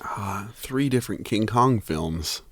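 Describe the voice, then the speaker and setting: A man's voice: lowish voice, animated, takes it slowly, a bit bright, dry recording. A man co-hosting a podcast, trading jokes in casual chat on a headset mic. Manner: joking, playful. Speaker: podcast co-host.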